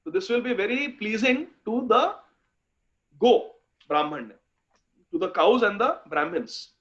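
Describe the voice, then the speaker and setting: Guy with a high voice teaching scripture, chants verses slow, pretty fervent, dull lo-fi sound. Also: big pitch swings, fairly bright tone. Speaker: speaker in a scripture class series. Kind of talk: devotional scripture lecture. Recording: dull lo-fi recording.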